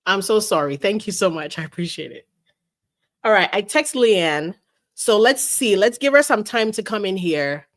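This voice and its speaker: A woman hosting a casual livestream, chatting about a lawsuit and reading viewer messages aloud in an animated way. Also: mid-range voice, normal speed. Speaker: livestream host.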